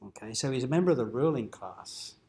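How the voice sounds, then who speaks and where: A man's voice: medium pitch, animated, brisk, darkish tone. A man, a dean, giving an informal teaching lecture at a cathedral forum, explaining in a conversational way and lifting his voice for quoted lines. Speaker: dean presenting an adult education forum.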